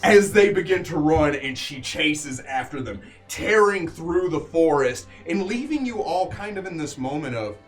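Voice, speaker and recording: Game-master type: a man with a fairly high voice and a very animated delivery, narrating battle scenes in detail. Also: faint music behind. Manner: vivid, unhurried scene narration with filler pauses.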